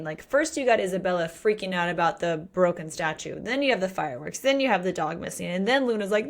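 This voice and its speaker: A woman in her thirties co-hosting a casual book podcast, animated and acting out characters' lines. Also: mid-range voice, a little fast, hardly any pauses. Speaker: podcast co-host.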